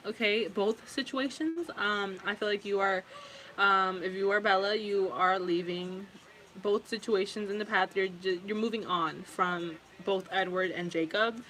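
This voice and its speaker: A woman's voice: medium pitch, bright, forceful tone, a little hiss or hum, low-quality recording. A young woman giving a casual tarot reading, rambling and emotional, with lots of fillers and swearing. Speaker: tarot reader.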